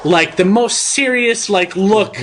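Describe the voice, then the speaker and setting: A man's voice: high voice, slow, fairly bright tone. A young man co-hosting a podcast, telling a profane story and laughing through it. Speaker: podcast co-host. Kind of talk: casual chat, storytelling.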